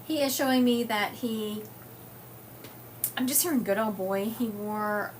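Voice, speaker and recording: A slightly high, fairly even voice at a measured pace comes through a phone or webcam livestream with slight background noise. The host, a psychic medium from the US South, chats casually and reads viewer comments aloud, full of fillers.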